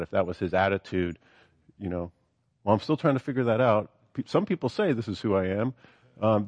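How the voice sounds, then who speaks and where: Earnest low-voiced male preacher. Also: darkish tone, no echo, muffled recording. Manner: earnest, reads scripture aloud then expounds with rising emphasis. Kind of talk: sermon.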